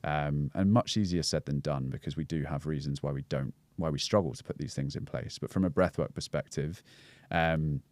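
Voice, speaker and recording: A man with a Scouse accent and a very low, deep voice, speaking in a casual podcast chat. He explains ideas in a reflective way, full of fillers and restarts. The sound is dry and close. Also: normal speed, few pauses, darkish tone, no echo. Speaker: podcast guest, breathwork coach.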